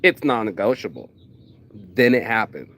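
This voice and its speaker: A man's voice: on the low side, moderate pace, a little hiss or hum. A man telling a personal story in a casual rant, acting out both sides of the conversation and cursing freely. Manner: animated, acts out both sides of conversations, swears.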